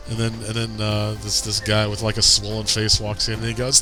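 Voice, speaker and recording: A man's voice: lowish voice, completely flat delivery, a little fast, hardly any pauses, bright, forceful tone, soft background music. A man streaming a game, chatting casually and muttering to himself as he plays. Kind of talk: casual gameplay commentary.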